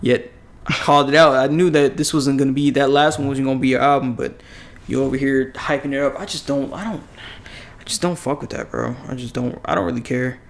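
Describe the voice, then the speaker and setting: Male co-host, everyday mid pitch, blunt and profane in casual talk. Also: fairly even intonation, fairly quick, gravelly. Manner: blunt, profane, rambling opinions. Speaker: podcast co-host. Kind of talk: casual podcast chat.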